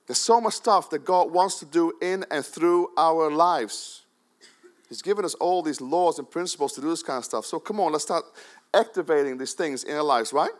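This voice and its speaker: Pastor preaching with emphatic bursts. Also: male voice, on the high side, normal speed. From Netherlands. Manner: exhorting, swings between loud emphatic bursts and quiet asides. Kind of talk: sermon. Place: church.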